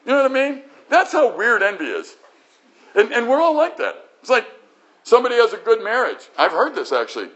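A man's voice: very high-pitched, sing-song, brisk, fairly bright tone, lo-fi sound. A man preaching a sermon, acting out quoted voices in his talk. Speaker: pastor.

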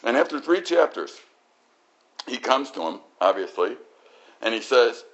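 An older man preaching a sermon, animated, swinging from loud exclamations to quiet, reflective stretches. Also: medium pitch, measured pace. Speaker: pastor. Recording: dull lo-fi recording.

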